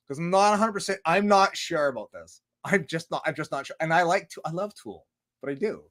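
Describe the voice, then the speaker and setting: A man's voice: on the high side, expressive, fairly quick, fairly bright tone. A man chatting casually on a livestream, rambling with many restarts, swearing heavily and laughing often. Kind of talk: casual rambling stream chat.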